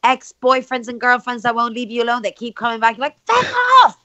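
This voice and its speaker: An Irish woman pitching a silly invention playfully as a guest in a party game stream. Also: fast talker, muffled recording. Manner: playful, animated joking pitch. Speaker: guest player. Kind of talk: casual game chat.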